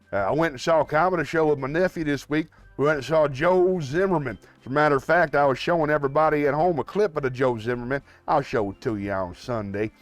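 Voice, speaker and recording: A man's voice: fairly high pitch, no echo. A man hosting a live stream in a folksy, joking way, chatting casually with his viewers.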